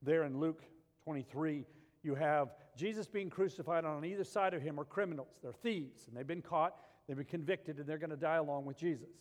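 A man preaches a sermon with a high voice, pressing hard on key lines and then falling to a hushed intensity. His words ring out with a long reverb tail, as in a large hall. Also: brisk. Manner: animated preaching, swings between loud emphasis and quiet intensity. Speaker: pastor.

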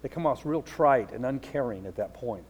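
A middle-aged man preaching a sermon as a pastor, telling a story earnestly and dropping low and soft at the sad moments. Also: lively intonation, moderate pace, big-room sound.

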